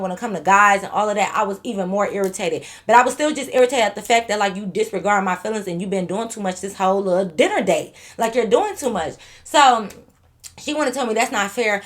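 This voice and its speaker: A young woman vlogger bluntly telling a storytime tale, animated and full of profanity. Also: mid-range voice. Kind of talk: storytime vlog.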